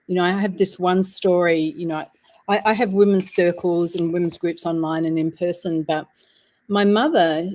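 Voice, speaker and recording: Aussie lady in her 60s, kinda low voice, telling family stories slow and fond. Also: a little mellow. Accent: Australian. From Australia. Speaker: guest. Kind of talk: casual interview storytelling.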